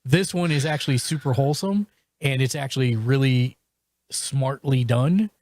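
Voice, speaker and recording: This male podcast host talks about and reviews shows in a loose, halting way, stumbling through fillers and restarts. His mid-range voice is a little mellow, with no room sound.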